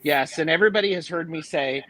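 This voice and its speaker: A man's voice: a little high, quick pace, noisy background. A man chatting casually, responding with encouraging remarks and telling about his big family. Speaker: guest tarot reader. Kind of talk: casual chat.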